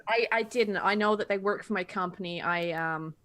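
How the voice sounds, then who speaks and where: A woman's voice: mid-range voice, moderate pace, a bit bright, natural voice. A woman voicing an evasive female company representative in a tabletop role-play, with a put-on vague American accent and a hesitant manner. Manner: hesitant, filler-laden.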